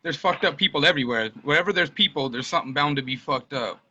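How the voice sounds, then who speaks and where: Man, podcast guest, bright tense tone, slightly high voice, slangy, easygoing. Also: quick pace, slightly rough, lo-fi sound. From Utah. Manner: easygoing, slangy, trails off with fillers. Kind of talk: casual chat.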